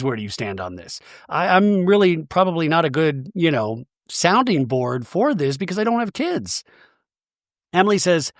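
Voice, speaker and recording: His fairly high voice comes through in studio quality with no room sound as he hosts a podcast recapping a reality show. Chatty and self-deprecating, he voices the cast members himself when quoting them.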